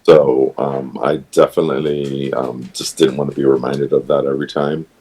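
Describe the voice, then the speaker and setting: A man on a podcast telling a personal story in a hesitant, halting way, full of pauses and restarts. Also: very deep voice, level tone, mellow, husky, poor audio. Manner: hesitant, many ums and restarts, emotional retelling. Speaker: podcast guest.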